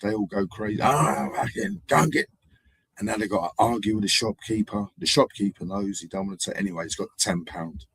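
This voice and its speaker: A man hosting a live stream, wandering from story to story in a low, husky voice. He acts out the people in his tales and jumps between loud and quiet. The sound is dry and close. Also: level tone, quick pace, few pauses, no echo, poor audio. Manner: meandering storytelling with acted-out voices and sudden loudness swings. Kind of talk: rambling live-stream monologue.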